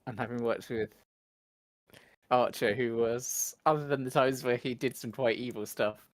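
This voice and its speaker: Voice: medium pitch, fairly even intonation, normal speed, dry recording. A speaker in a casual chat over a voice call, offering thoughtful, hedging remarks. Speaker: watch-along participant. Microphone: computer mic on a voice call.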